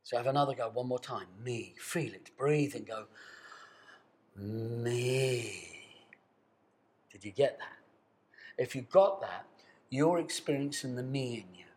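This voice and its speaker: A man teaching a guided voice and breathing exercise, speaking to camera in a calm, coaxing way and demonstrating sustained sung tones. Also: mid-range voice, moderate pace. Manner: calm, coaxing, addresses the viewer directly. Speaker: voice and meditation teacher.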